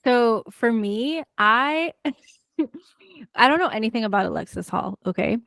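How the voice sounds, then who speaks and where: A young woman sharing her opinion in a relaxed book club chat, expressive and laughing as she goes. Her voice sits a little high. The sound is dry. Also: a little slow, creaky, no echo. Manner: expressive, laughing, rambling storyteller. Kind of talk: casual chat.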